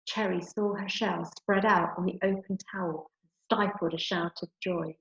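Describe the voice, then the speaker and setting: English woman, primary teacher, expressive storyteller, echoey lo-fi home recording. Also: lowish voice, moderate pace, vocal fry. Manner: expressive storytelling, gentle and encouraging. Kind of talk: reading a story aloud then teaching. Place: home room. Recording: roomy, dull home recording.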